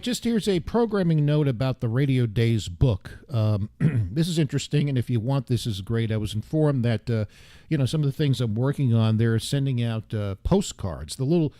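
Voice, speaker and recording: Host: a man with a mellow, dark tone, meandering and joking at his own expense, in a dry, close-sounding recording. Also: medium pitch, no echo. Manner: wry, self-deprecating, meandering asides. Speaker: radio show host. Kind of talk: casual rambling monologue.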